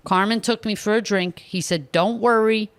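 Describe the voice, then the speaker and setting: A young woman hosting a podcast, retelling a story in an animated, exaggerated way with sudden loud outbursts. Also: mid-range voice, moderate pace, clean tone. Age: young adult. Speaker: podcast host. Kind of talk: casual comedic storytelling.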